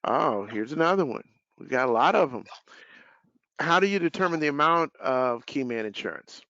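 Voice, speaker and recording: A man who is a life sales director hosts a business webinar, working through questions and closing remarks in a casual, relaxed, filler-heavy way. His voice is gravelly and creaky, medium in pitch, at a moderate pace. The audio is dry and a bit dull, like a video call.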